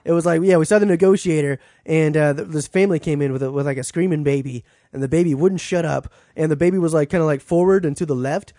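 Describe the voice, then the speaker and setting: A man's voice: fairly high pitch, fast talker, hardly any pauses, warm tone, no echo, studio quality. A young man on a podcast, telling rambling anecdotes full of fillers and acting out what other people said. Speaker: podcast host. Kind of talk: casual chat, storytelling.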